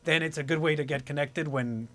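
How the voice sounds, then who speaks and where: A man chatting as a guest actor in an interview, animated and acting out quick impressions as he tells stories. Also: a little high. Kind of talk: casual interview chat.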